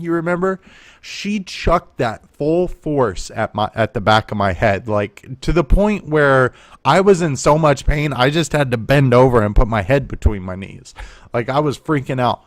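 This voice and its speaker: A man's voice: mid-range voice, no echo, clean studio sound. Man telling rambling family stories. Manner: rambling and animated, with many fillers. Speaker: vlogger. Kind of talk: casual storytelling.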